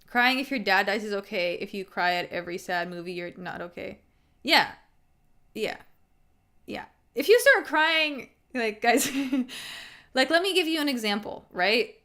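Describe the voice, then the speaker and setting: A young adult woman talks casually on her live stream, candid and rambling, full of filler words and swearing. She laughs often and speaks into a desk microphone at a middling pitch. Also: expressive, unhurried, bright, forceful tone. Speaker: streamer hosting a fight-picks live stream. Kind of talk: casual chat.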